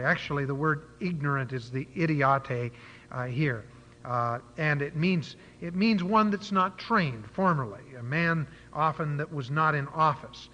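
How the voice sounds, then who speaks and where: A man's voice: a little high, bright, forceful tone. A man preaching a sermon, retelling a Bible story and explaining words with frequent fillers. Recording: dull lo-fi church hall recording.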